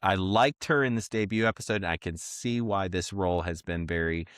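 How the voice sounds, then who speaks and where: A man co-hosting a podcast, calmly leading segments and giving his take on a TV episode. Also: low voice, clean tone, dry recording, clean studio sound. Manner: measured, affirming, runs the segments. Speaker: podcast co-host. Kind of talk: casual podcast talk.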